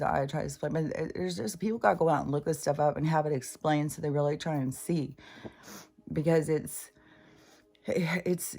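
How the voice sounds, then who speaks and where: Older woman, low voice, rambling and profane. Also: dark tone, husky. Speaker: spiritual channeler. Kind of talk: casual monologue.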